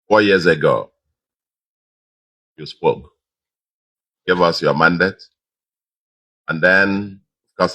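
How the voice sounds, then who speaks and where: A middle-aged Nigerian man with a Nigerian accent giving a public address to supporters, measured and repeating phrases for emphasis. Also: rumbling low, sharp tone, low-quality recording. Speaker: governor giving a victory speech.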